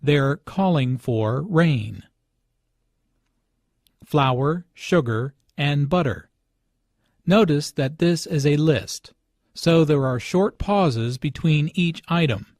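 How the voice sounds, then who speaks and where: A man reads language notes for learners slowly and carefully. His voice sits a little high for a man. The recording is close and dry. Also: lively intonation, darkish tone, dry recording. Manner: slow, deliberate teaching delivery. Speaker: English teacher. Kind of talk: scripted dialogue and language notes.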